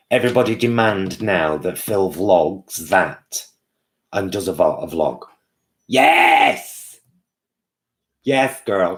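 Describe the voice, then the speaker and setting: A man hosting a casual live-stream chat, chatty and answering viewers' comments by name. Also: sits low.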